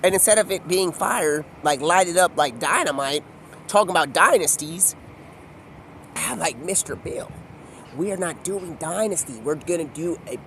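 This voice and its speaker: A young man in a rambling, profane monologue, excitable and jumping between mumbled asides and loud outbursts. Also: on the high side, a little hiss or hum.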